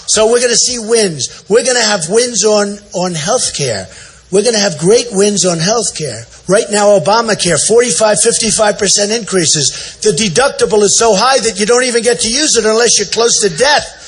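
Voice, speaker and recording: An older man delivers a boastful, repetitive campaign rally speech, often shouting out to the crowd. His voice sits high for a man. A faint hum of noise runs under the speech in the big indoor event hall. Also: expressive, moderate pace. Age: 60s. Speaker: political candidate. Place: large indoor event center.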